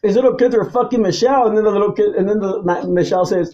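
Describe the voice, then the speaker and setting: A man talking alone to the camera, swinging between low mutters and loud, angry, profane outbursts and repeating himself. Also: fast, dull audio. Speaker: vlogger. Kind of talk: rambling solo monologue to camera.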